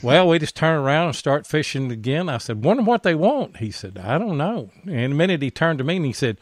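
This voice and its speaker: A man's voice: a little high, lively intonation, quick pace, no echo. A man, hosting a podcast and telling a folksy fishing story in casual chat. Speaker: podcast host.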